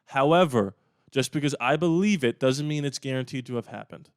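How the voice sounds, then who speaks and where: A man's voice: mid-range voice, fairly quick, smooth, no room sound, clean studio sound. A man hosting his own sports channel, giving casual, emphatic opinion commentary in a conversational way. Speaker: YouTube sports channel host.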